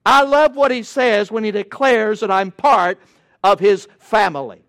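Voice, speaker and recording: A man's voice: high voice, a little slow, a bit bright. A male preacher delivering a sermon in an emphatic, rhythmic cadence with touches of folksy humor.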